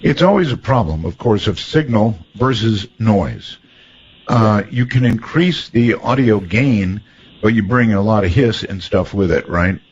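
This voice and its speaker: A man's voice: fairly low pitch, expressive, a little slow, breathy edge. Wry man on a dull lo-fi line. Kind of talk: casual on-air conversation. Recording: dull, lo-fi line with faint hiss.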